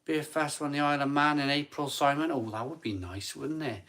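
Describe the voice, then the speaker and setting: A man's voice: a little high, fairly quick, fairly bright tone. A middle-aged man from England hosting a casual live stream, chatty and eager, often restarting his sentences. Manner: chatty, stumbling restarts, eager pleas for likes.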